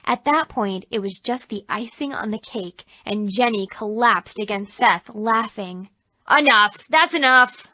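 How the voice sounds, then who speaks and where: A woman narrating an audiobook in an even, clear storytelling voice. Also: medium pitch, unhurried, hardly any pauses, no room sound.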